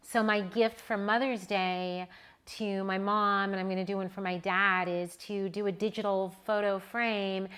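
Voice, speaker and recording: A woman's voice: medium pitch, flat delivery, a little slow, fairly bright tone, smooth. A middle-aged woman photographer speaking from home in an earnest, heartfelt monologue full of restarts. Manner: earnest, with restarts and rising emotion. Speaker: newborn photographer and educator.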